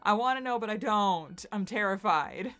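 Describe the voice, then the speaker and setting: A woman's voice: mid-range voice, moderate pace, a bit bright, clean tone, lightly acted. A woman voicing an anxious, melodramatic young man in a dramatic webcomic read-aloud. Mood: fretful. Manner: fretful and melodramatic.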